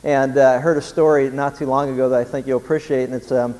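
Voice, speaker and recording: A man preaching a sermon as pastor, a folksy storyteller who pauses often with "uh". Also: medium pitch, little pitch movement, darkish tone, in a large hall, low-quality recording. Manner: folksy storyteller, frequent filler "uh".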